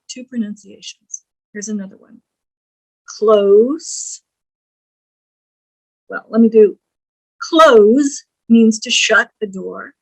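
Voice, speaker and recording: A woman giving a recorded English grammar lecture, spelling out words letter by letter and explaining them deliberately. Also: fairly high pitch, low-quality recording.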